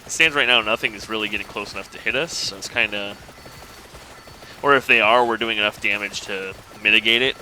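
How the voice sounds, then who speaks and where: A man casually commenting on his own gameplay, thinking aloud in a relaxed, rambling way. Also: on the low side, brisk, slight background noise, rough recording. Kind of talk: casual let's-play commentary.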